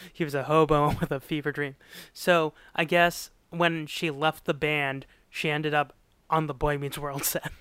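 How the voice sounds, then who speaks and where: This man co-hosts a laid-back podcast, retelling a sitcom episode with lively, acted-out quotes and plenty of laughter. He speaks slowly in a fairly high, clear, resonant voice, captured in a dry recording.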